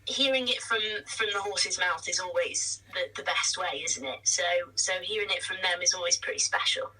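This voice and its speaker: A woman, a musical theatre actress, chatting in an interview with quick self-deprecating asides. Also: fairly low pitch, pushed and bright, slightly rough, recorded from a distance, poor audio. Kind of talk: casual interview chat.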